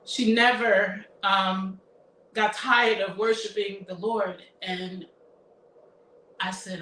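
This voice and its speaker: A woman in her fifties shares a personal story in an emotional, reflective voice, often halting and restarting. Her tone is bright and forward. She sounds a little far from the mic in an echoey room, with a faint hiss behind her. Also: medium pitch, fairly even intonation. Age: 50s. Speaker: therapist. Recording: roomy echo, somewhat far from mic, faint noise.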